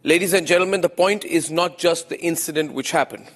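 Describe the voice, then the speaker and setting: A man's voice: a little high, brisk, fairly bright tone, big-room sound. A man with an Indian English accent, delivering an opinionated TV news monologue as anchor, emphatic and repeating phrases for effect.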